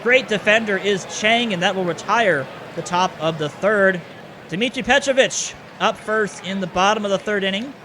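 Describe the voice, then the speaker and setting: A man giving play-by-play commentary over a baseball video game, excitable on big plays and often correcting himself. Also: high-pitched, normal speed, a little hiss or hum.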